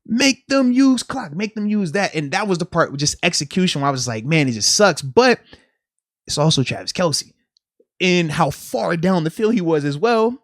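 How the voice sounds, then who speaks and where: Animated high-voiced man talking football. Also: normal speed, no echo, clean studio sound. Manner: animated, swings into loud imitations and laughter. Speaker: podcast host. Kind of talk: casual sports chat.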